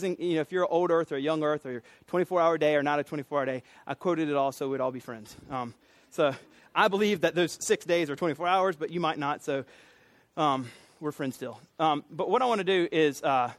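A man's voice: a little high, no echo. A man preaching a sermon in a casual, joking, conversational way. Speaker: pastor.

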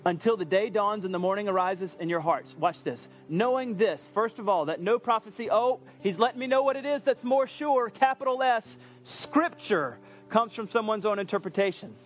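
High-voiced man preaching with energy. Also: moderate pace. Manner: energetic, conversational, animated preaching. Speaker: pastor. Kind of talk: sermon.

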